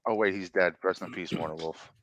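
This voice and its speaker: A man's voice: deep voice, fairly even intonation, a little fast, fairly bright tone, no room sound. A man co-hosting a casual sports podcast, arguing his point and repeating it insistently. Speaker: podcast co-host.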